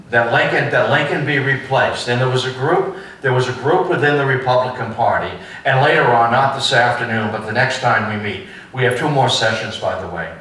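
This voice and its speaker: A man giving a history lecture to an adult class, slow and emphatic, asking rhetorical questions and repeating phrases. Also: medium pitch, pushed and bright, slight background noise. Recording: echoey room, mic at a distance.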